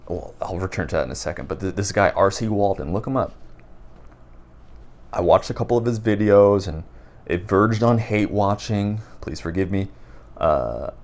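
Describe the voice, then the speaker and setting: Give me a low-pitched man vlogging unscripted, halting and restarting as he thinks aloud. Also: darkish tone. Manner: rambling, halting, many restarts. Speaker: book vlogger. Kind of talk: unscripted casual talk to camera. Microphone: raw unedited recording.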